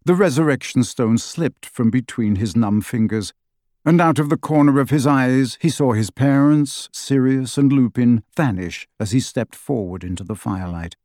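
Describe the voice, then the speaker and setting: A man's voice: medium pitch, moderate pace, darkish tone, no echo. Man reading a story dramatically, dry sound. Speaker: audiobook narrator. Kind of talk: scripted narration.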